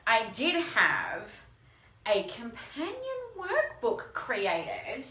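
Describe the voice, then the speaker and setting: A woman hosting a casual video, unboxing her own book and gushing with excitement. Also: on the high side, slow pace, slight background noise. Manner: gushing and excitable, bursts of squealing. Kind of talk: casual live video chat. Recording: roomy echo.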